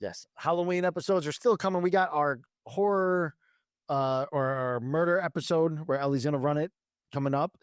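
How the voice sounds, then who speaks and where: A man in his thirties co-hosts a casual podcast in a fairly high voice. He rambles, restarts his sentences and swears freely, with a dry close-mic sound. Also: moderate pace, smooth, no room sound. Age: 30s. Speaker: podcast co-host. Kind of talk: casual chat.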